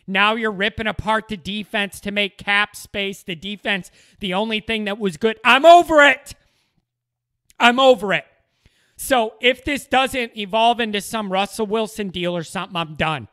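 A man's voice: high-pitched, sharp tone, clear, resonant tone. A man delivering an exasperated, opinionated sports rant as a commentator, repeating phrases for emphasis.

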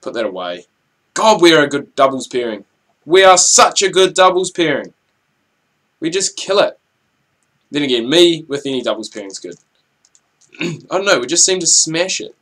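A young man giving chatty, rambling commentary over his gameplay, with excitable outbursts at the action. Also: on the high side, normal speed, long pauses. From New Zealand. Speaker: gaming channel host.

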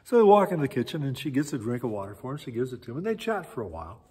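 Husky, animated preacher in a church hall. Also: male voice, mid-range voice. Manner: animated storytelling with many pauses and fillers. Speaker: pastor. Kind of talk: sermon. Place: church sanctuary.

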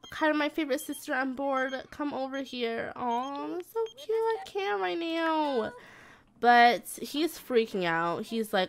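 A woman's voice: fairly high pitch, big pitch swings, a little slow. A woman giving casual, slangy gameplay commentary, talking to her game characters like a mom scolding and cooing at her kids. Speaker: gaming video creator.

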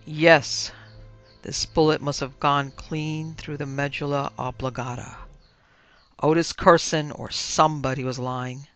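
A man voicing a querulous, vengeful undead wizard uncle who is now a skeleton, rasping slowly and emphatically. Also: on the high side, little pitch movement, a bit bright. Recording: dull lo-fi with faint music.

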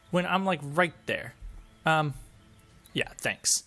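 Man doing let's play commentary, sarcastic, jokey, swears a lot, lively swooping pitch, slightly high voice. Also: slow pace. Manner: sarcastic, joking, swears and laughs often. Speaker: gameplay commentator.

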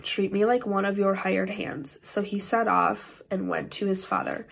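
A woman with an Upper Midwest American accent reads scripture aloud for a worship service. Her voice is gravelly, with a husky edge, and she sometimes trips over a word and starts it again. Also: medium pitch, unhurried. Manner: careful reading with frequent slips and restarts. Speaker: scripture reader.

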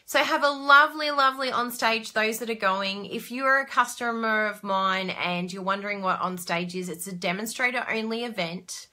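A woman hosting a casual live crafting stream, chatting warmly and reading viewer comments aloud with frequent laughs. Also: a little high, normal speed, hardly any pauses. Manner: frequent laughs and excited exclamations.

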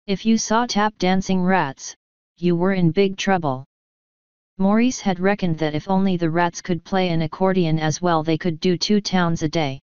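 A woman reads an audiobook aloud in a steady, lightly wry storytelling manner. Her voice is low and very clear. The recording is close and dry, with slightly dull highs. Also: moderate pace, no echo. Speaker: audiobook narrator. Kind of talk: audiobook narration.

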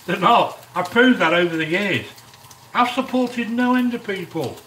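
A chatty middle-aged man hosts a cooking live stream with a bright, lively, swooping voice. He keeps talking to his viewers as he works at the cooker. He is heard from a little way off in an echoey kitchen, with a quiet sizzle of frying behind him. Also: high voice, a little slow, distant mic, slight background noise. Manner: chatty, talks straight to viewers, gives shout-outs. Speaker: cooking channel host. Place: home kitchen. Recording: echoey kitchen, speaker off-mic. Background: frying and sizzling in the pan.

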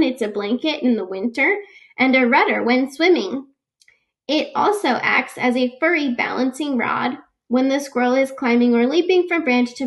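A woman with a high voice reads a children's book aloud at an unhurried, careful pace. She explains each fact patiently and stops now and then for small personal asides. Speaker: read-aloud reader.

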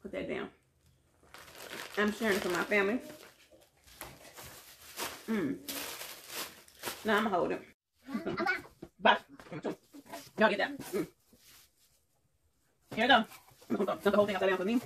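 A woman's voice: mid-range voice, measured pace, vocal fry, long pauses. A woman from Chicago chatting playfully to viewers while unboxing and tasting cookies at home. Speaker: food vlogger. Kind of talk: casual unboxing and tasting vlog. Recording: echoey room with faint noise.

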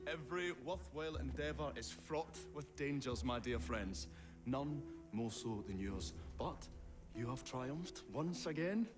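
An actor playing a courteous Victorian inventor in a game cutscene, speaking in a formal, measured way. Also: male voice, medium pitch, expressive, over music, natural voice. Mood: gracious. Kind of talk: video game cutscene dialogue. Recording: game cutscene with loud score.

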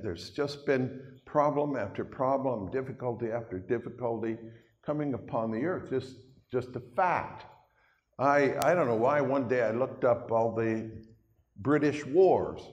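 A medium-pitched, darkish voice belongs to an older Canadian pastor giving a sermon in a church hall. He keeps it chatty and folksy, tossing asides to the congregation, while the room adds a long reverb.

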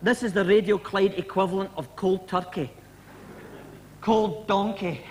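A man's voice: sits high, a little slow, noisy background. Man doing a hapless Scottish football fan. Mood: wry. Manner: pleading, wry.

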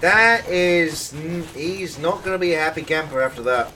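A man giving casual gameplay commentary, excitable and swearing, with sudden shouts and laughs. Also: fairly high pitch, moderate pace, distant mic, slight background noise, low-quality recording. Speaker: gaming video host.

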